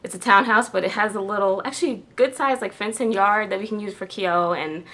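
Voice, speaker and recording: Bright-voiced chatty woman vlogger. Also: mid-range voice, brisk, a little hiss or hum. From New York. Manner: chatty, lots of "like" and "um". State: tearful with joy. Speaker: beauty vlogger. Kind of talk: casual chat to camera.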